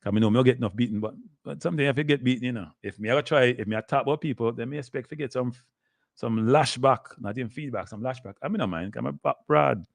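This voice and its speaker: This older man's mid-range voice is quick and creaky, recorded without echo. Hosting a meandering live sports talk show with a Jamaican accent, he lapses into patois and repeatedly addresses his audience as "people."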